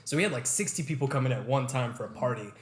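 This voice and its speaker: A young man co-hosting a podcast, telling stories in a casual, animated way, swearing freely and acting out quotes. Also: mid-range voice, very fast. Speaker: podcast co-host. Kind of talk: casual storytelling chat. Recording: echoey room.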